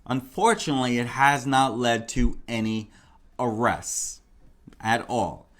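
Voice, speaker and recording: A man's voice: medium pitch, measured pace, a bit bright. Male true crime host, casual and rambling, repeats himself with filler words. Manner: repetitive, rambling, full of "you know" and "like".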